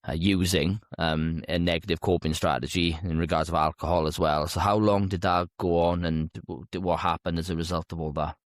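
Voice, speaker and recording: Low-voiced male podcast host. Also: fairly even intonation, fairly quick, few pauses, no room sound, studio quality. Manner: gentle, searching questions with hesitations. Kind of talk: interview questioning.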